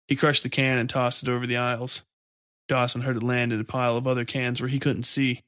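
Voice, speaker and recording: A man narrating a horror story in a steady, measured way. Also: medium pitch, no room sound, studio quality.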